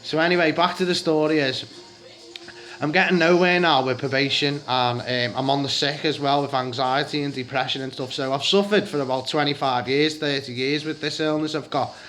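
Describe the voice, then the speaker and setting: A Scouse man in his forties tells a story from his past in a loose, rambling vlog, his voice sitting a touch high for a man. He swears freely and gets heated as he talks. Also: fairly even intonation, brisk, a bit bright, soft background music. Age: 40s. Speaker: vlogger telling his life story.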